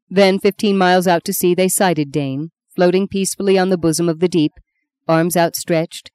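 A woman narrating a novel in a measured, solemn storytelling manner. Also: on the low side, warm tone, clean tone, dry recording. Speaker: audiobook narrator. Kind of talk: scripted literary narration.

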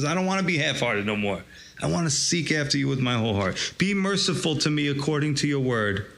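A man's voice: mid-range voice, vocal fry, fairly bright tone. A man preaching a sermon, reading scripture aloud and drawing out its lesson with rising emphasis. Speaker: pastor.

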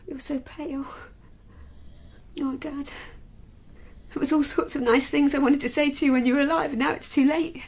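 A woman's voice: sits high, fairly even intonation, moderate pace, pauses often, a little mellow. An actress playing an emotional, earnest daughter grieving her father. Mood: tender. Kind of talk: radio comedy drama.

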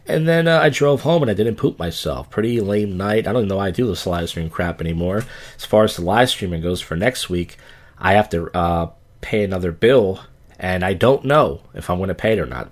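A young man with a low voice hosts his own podcast. He talks in a loose, meandering way, crude and quick to poke fun at himself. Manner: loose, crude, self-deprecating storytelling. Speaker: podcast host. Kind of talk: casual rambling monologue.

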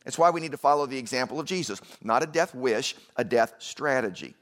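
Guy pastor giving a sermon, chatty and relaxed, lots of "right?" and "okay". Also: medium pitch, brisk. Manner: conversational preaching with asides and rhetorical questions.

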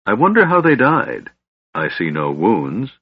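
A man voicing a serene, compassionate cleric who speaks with calm sorrow; dull, dry lo-fi recording. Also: fairly low pitch, measured pace, breathy edge, dry recording, exaggerated voice. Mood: sorrowful.

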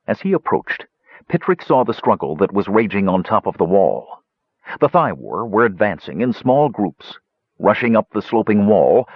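A man narrating a fantasy audiobook in an expressive storytelling manner. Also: on the low side, breathy edge, no room sound, lo-fi sound.

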